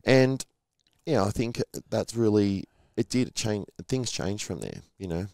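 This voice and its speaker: A man's voice: fairly low pitch, animated, a little slow, vocal fry, a little mellow, no room sound, clean studio sound. A middle-aged man, a former rugby league player, telling stories in a casual interview and acting out the voices of people he quotes. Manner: chatty, acts out quoted voices in anecdotes.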